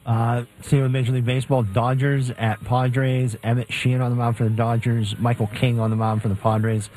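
A male co-host on a sports radio segment reads through games and betting odds steadily, in a flat, mid-range voice at a moderate pace. His tone is slightly mellow, the recording is rough, and soft music plays underneath this casual betting talk.

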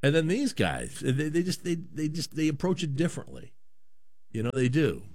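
A man's voice: on the high side, moderate pace. A man hosting a radio show, chatting casually and joking with lots of restarts. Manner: animated, rambling, joking with restarts. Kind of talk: casual chat.

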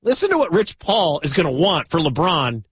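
A man hosting sports talk radio, excitable and given to loud bursts of enthusiasm. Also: on the high side, normal speed, husky, dry recording.

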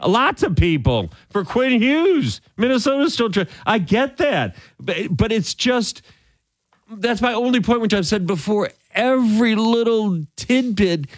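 Animated man hosting sports talk radio. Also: sits high, no echo. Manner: opinionated, animated, quick restarts.

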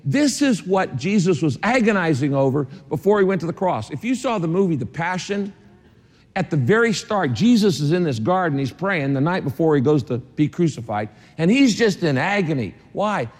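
A man's voice: on the high side, very animated, moderate pace, darkish tone. A male pastor preaching a sermon to a congregation in an emphatic, repetitive way, with dry asides. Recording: long reverb of a large hall.

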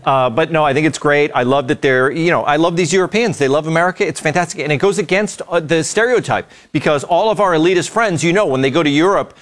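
A male panelist with a slightly high voice who rambles through stories with plenty of hesitation. He speaks in a chatty talk show manner. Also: fast, hardly any pauses, a bit bright.

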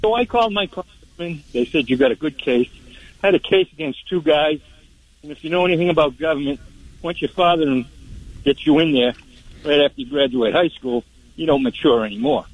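A man's voice: a little high, a little fast, no echo, poor audio. Older male radio caller, aggrieved. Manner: aggrieved, emphatic complaining. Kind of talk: call-in radio chat.

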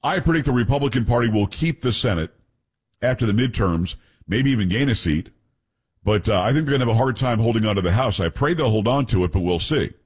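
A man's voice: medium pitch, animated, fast talker, slightly rough. A man hosting a talk radio show, giving blunt, opinionated political commentary and repeating his points for emphasis.

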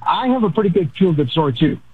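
A man's voice: high-pitched, animated, fast talker, breathy edge, no echo. A man from El Paso calling in to a radio show, chatty and rambling, heard over a phone line. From El Paso, Texas. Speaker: caller.

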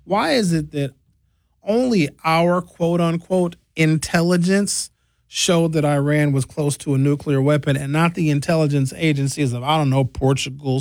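A man delivers a comedic political rant, blunt and openly sarcastic, with an incredulous edge. His voice sits a bit high for a man. The sound is dry and close, with no room in it. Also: no echo.

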